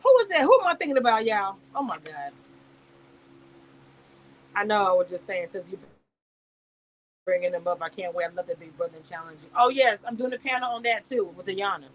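A woman's voice: medium pitch, animated, fairly quick, long pauses, a little hiss or hum. A woman hosting a casual live stream, reading chat aloud and reacting with lots of laughter and rambling asides. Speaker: YouTube live host reacting to a reality show cast.

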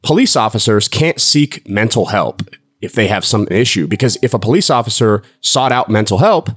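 Low-voiced man, calm and measured. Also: slightly rough, dry recording. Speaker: panelist. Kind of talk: panel discussion.

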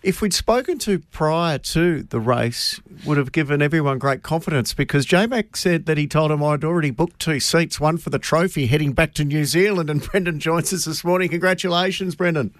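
A man presenting a racing radio show, introducing the guest with lively delivery. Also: on the high side, normal speed, hardly any pauses, no echo.

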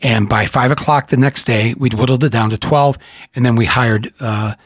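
A middle-aged man from Michigan hosting a conversation, rambling and animated, with frequent restarts and laughs. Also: mid-range voice, normal speed, no echo, studio quality. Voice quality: husky. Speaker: host. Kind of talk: casual conversation.

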